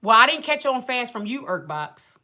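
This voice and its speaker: Brief: woman livestream host, bright tone, chatty venting with lots of acted quotes. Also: fairly high pitch, normal speed. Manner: animated, colloquial storytelling with acted quotes and sighs. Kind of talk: casual chat, venting story.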